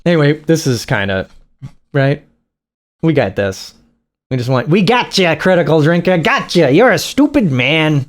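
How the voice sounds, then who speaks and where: A man's voice: on the high side, lively intonation, moderate pace, pauses often. A man giving casual, crude, mocking reaction commentary with frequent laughing asides.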